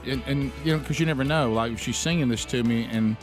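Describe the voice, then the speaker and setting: A man's voice: mid-range voice, fast, over music. Chatty male radio host. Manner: chatty, laughing, jokey. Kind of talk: casual radio banter.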